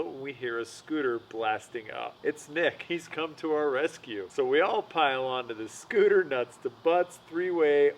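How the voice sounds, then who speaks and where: A man's voice: mid-range voice, poor audio. A young man narrates his own vlog in a frank, casual, self-mocking way. His voice sits in the middle range, with a faint hiss in the background. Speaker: vlogger, host of the show. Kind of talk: storytelling voice-over narration.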